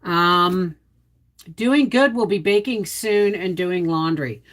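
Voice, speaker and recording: Slow and a bit bright, with a fairly low pitch, the middle-aged host from Quebec, Canada reads comments on her homestead livestream. She chats casually and welcomes viewers by name.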